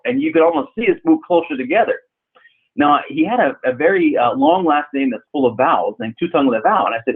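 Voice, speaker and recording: A man's voice: mid-range voice, very animated, brisk, creaky, husky. A man from California giving a leadership training webinar, telling personal stories earnestly with frequent restarts. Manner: earnest storytelling with repeated restarts. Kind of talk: webinar presentation. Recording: tinny phone-like audio.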